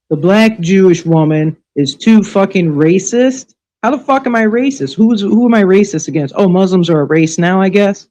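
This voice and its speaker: A woman's voice: on the low side, warm tone, rough recording. A woman hosting a live stream, delivering an angry, sarcastic, profanity-laced rant full of scolding rhetorical questions. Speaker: livestream show host. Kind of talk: ranting live commentary.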